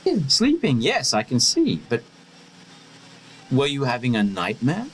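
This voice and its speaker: A man's voice: mid-range voice, huge pitch swings, slight background noise, poor audio. An actor playing an eccentric, inquisitive male time traveller in an audio drama. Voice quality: quick, inquisitive, playful. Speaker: lead character in an audio drama.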